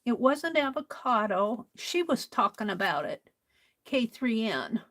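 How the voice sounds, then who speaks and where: Slow, soft-spoken woman stitching. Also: a little high, big pitch swings, low-quality recording. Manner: soft-spoken, drifts into whispers; talks to herself while working. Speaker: crafting livestream host. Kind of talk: casual chat while stitching.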